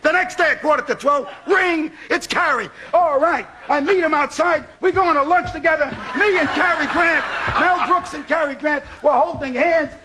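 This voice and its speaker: High, bright-voiced New man spinning a yarn. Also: moderate pace, hardly any pauses. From New York. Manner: animated, repeats for laughs. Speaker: talk show guest. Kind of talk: comic anecdote. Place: TV studio with audience.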